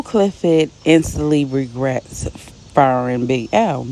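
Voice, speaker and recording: A woman with a low, gravelly voice talks through a TV episode scene by scene. Her tone is dark and mellow, and she drops in quick quoted lines and offhand side comments as she goes. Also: expressive, a little hiss or hum. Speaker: TV episode recap host. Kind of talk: casual episode recap.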